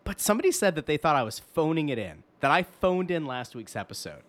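Animated male podcast co-host ranting. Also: fairly high pitch, quick pace. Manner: animated, mock-indignant ranting. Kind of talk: casual podcast chat.

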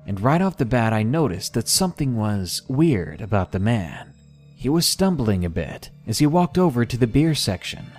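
A man narrating a scary first-person story for a podcast, measured and deliberate. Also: fairly low pitch, darkish tone. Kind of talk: scripted horror story narration.

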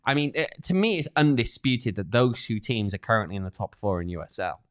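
A man's voice: mid-range voice, expressive, brisk, clear, resonant tone. A man co-hosting a casual soccer preview podcast, chatty with dry sarcastic asides. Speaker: podcast co-host.

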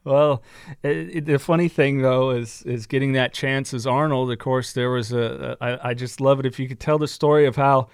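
A man hosting an interview, asking questions in a halting, eager way. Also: mid-range voice, steady tone, clear, resonant tone, no echo, studio quality. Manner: halting, restarts, enthusiastic. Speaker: podcast host. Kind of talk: casual interview talk.

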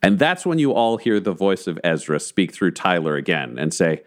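A man narrating as game master, telling the story slowly and theatrically and building tension. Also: low voice, very animated. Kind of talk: dramatic tabletop narration.

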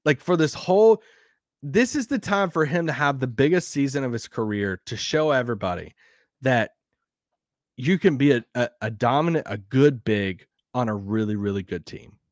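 A man with a Southern accent hosting a sports podcast, rambling and animated, laughing now and then. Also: medium pitch, normal speed, dry recording, clean studio sound. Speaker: podcast host. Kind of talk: casual sports talk.

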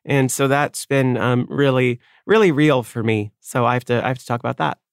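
A man and tabletop player talking earnestly in casual chat, halting with fillers. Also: mid-range voice, fairly even intonation, creaky, smooth, dry recording, clean studio sound.

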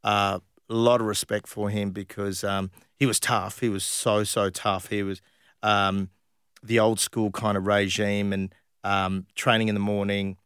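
A man with an Australian accent recounts his football days in a relaxed, chatty way, full of "um"s, restarts and animated asides. His voice sits low and the sound is dry and close, with no room behind it. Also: a little slow, smooth, no echo. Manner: animated anecdotes with many fillers and restarts. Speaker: guest, former professional footballer. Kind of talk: casual storytelling interview.

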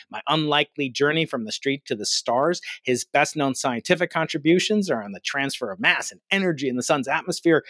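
Male podcast host: chatty, laughs easily, dry close recording, mid pitch. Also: fairly bright tone, no room sound. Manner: chatty, laughs often, many fillers. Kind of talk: casual interview.

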